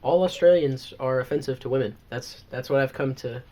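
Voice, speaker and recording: A man's voice: mid-range voice, a little fast, a crowd in the background. Rambling young Southern man. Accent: Southern American. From American South. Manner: rambling, laid-back, lots of likes and fillers. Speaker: podcast co-host. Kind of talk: casual chat.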